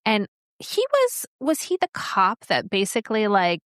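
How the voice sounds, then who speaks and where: A woman co-hosting a podcast in casual chat, talking in a chatty, rambling way with quick asides. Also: mid-range voice, huge pitch swings, fairly bright tone, no room sound, clean studio sound. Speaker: podcast co-host.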